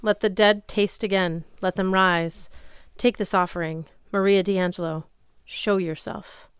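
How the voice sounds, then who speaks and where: A woman's voice: mid-range voice, steady tone, unhurried, clean tone, no room sound, studio quality, close to an everyday voice. A woman voicing an intense, brooding teenage boy who speaks in urgent demands. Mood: chanting.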